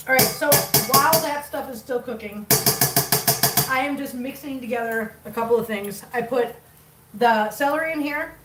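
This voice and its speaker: A woman's voice: sits high, a bit bright. Chatty Minnesotan woman in an echoey kitchen. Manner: chatty, laughs often, reads out viewer chat. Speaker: livestream cooking host. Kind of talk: casual livestream chat. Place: home kitchen. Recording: echoey room, distant mic, noisy.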